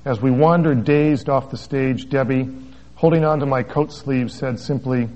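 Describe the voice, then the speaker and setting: A man's voice: medium pitch, normal speed, a little mellow. A man preaching as a pastor, reading a story aloud with wry asides and chuckles, on a dull lo-fi recording. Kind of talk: sermon with a read-aloud story.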